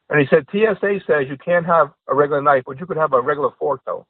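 A stand-up comedian acts out the characters in his jokes in a husky, slightly high voice. He talks in a casual podcast chat over a dry, tinny line that sounds like a phone call. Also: very fast, few pauses, no room sound. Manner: animated storyteller acting out joke characters. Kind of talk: casual podcast joke-telling.

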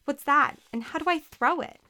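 A woman voicing a timid young girl who sounds unsure and gets excitable in a storybook reading. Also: high voice, normal speed, pitched above the performer's own voice.

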